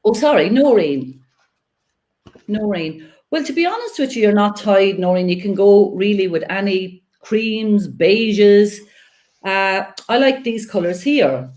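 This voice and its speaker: A woman's voice: mid-range voice, lively intonation, measured pace, a little mellow. A woman, a master painter and decorator, giving practical, chatty decorating advice as the guest in a live interview.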